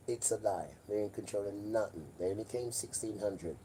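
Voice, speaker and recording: A man's voice: lowish voice, fairly quick, few pauses, dark tone, a little hiss or hum. A man on a live stream, rambling in a preachy way, repeating himself and throwing in mocking asides. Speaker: livestreamer.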